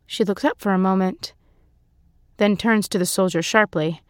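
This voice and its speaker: A woman reading a short story aloud in measured scripted narration, lightly voicing the characters. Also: mid-range voice, no room sound. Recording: dry close-mic studio sound.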